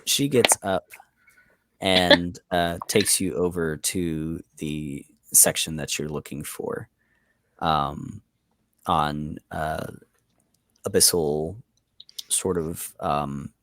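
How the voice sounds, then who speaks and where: A man narrating as game master for a tabletop game, unhurried and full of fillers. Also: rumbling low, steady tone, fairly bright tone, no room sound.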